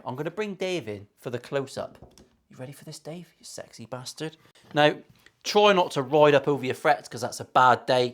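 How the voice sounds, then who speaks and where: Cheeky sweary English guitar maker. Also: male voice, medium pitch. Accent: English West Country. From England. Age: 40s. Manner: cheeky, sweary, self-mocking banter. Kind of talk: casual workshop vlog. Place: workshop.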